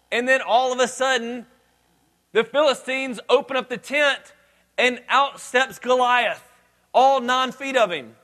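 A man's voice: extremely high pitch, measured pace, bright, forceful tone. A man pastor preaching a sermon, retelling the story casually with jokes and acted-out quotes.

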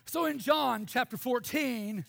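A man preaching a sermon, passionate, moving between shouted lines and quiet storytelling. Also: very high voice, measured pace, gravelly, dry recording.

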